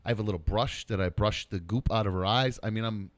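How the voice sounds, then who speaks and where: A man hosting a casual podcast, chatting and joking, sometimes cooing softly over his dog or playing up a mock game-show voice. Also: lowish voice, quick pace, no echo. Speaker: podcast host. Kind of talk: casual chat.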